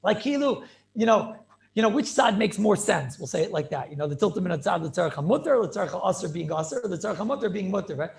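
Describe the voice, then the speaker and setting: A man, a rabbi, teaching a Talmud class over a video call in an excited, rapid way, repeating himself and asking rhetorical questions. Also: high voice, gravelly. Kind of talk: animated yeshiva-style lecture.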